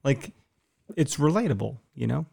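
A man's voice: mid-range voice, lively intonation, moderate pace, gravelly, mellow, slightly rough. A man hosting a podcast, giving blunt, profane, fired-up opinions in casual chat. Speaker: podcast host.

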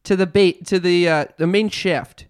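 A man co-hosting a podcast in casual chat, blunt and crude in a quick way. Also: high-pitched, fairly even intonation, smooth. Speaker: podcast co-host.

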